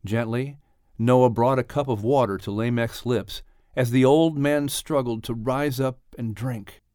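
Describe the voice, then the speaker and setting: Calm male audiobook narrator, dry sound. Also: mid-range voice, a little slow, clean tone, no echo. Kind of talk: scripted narration.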